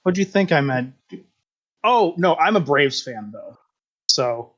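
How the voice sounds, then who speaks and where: A man's voice: on the high side, lively intonation, slow, fairly bright tone, dull audio, full character voice. A man voicing a goofy, easygoing creature in a tabletop game who rambles like a sports fan. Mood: rambling. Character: goofy bird-eating creature, laid-back sports fan.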